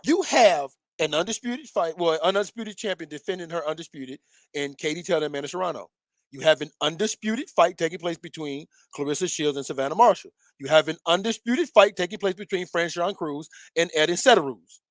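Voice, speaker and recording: A man co-hosting a casual boxing chat. He gets excited easily, laughs a lot and stumbles over names with fillers. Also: a little high, a little fast, no echo. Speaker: co-host.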